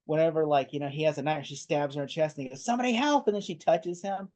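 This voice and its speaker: A man co-hosting a casual movie talk, excitedly retelling scenes in a rambling way. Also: on the high side, quick pace. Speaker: podcast co-host.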